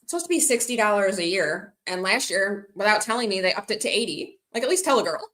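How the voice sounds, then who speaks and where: Woman streamer, middle pitch, bright and forceful tone, rambling casual chat with her viewers. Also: expressive, quick pace. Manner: chatty, rambling, reads out and answers viewer comments. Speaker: livestreaming vlogger.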